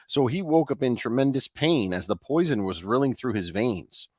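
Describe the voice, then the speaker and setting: A man co-hosting a show, casually retelling a ghost story in a loose, halting way. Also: mid-range voice, expressive, dry recording, studio quality. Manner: loose, with fillers and restarts. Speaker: co-host.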